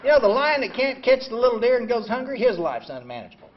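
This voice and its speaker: An older man in his seventies talks through his recovery story in a blunt, self-mocking way, leaning on "you know" constantly. His voice sits high and moves over a wide, lively range, from quiet reflection to loud outbursts. The recording is dull and lo-fi. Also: quick pace, background noise. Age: 70s. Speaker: recovery meeting speaker. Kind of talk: personal recovery talk.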